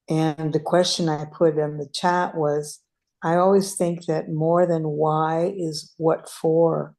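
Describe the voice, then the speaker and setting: A woman's voice: low voice, mellow. A woman from Brazil speaking in an online meeting, tired and hesitant, with many restarts. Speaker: meeting participant. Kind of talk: casual online meeting talk. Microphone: video call.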